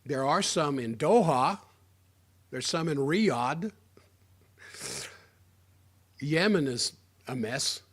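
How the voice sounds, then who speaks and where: A man's voice: a little high, lively intonation, drawn-out words, long pauses. A man giving a sarcastic, rambling political opinion monologue, often restarting his sentences. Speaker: political commentator.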